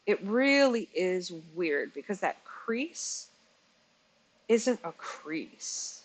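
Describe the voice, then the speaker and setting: A woman's voice: medium pitch, big pitch swings, very slow, poor audio. A woman in her forties giving a casual commentary vlog, chatty and exasperated, often laughing and correcting herself as she stumbles over words. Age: 40s. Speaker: commentary channel host.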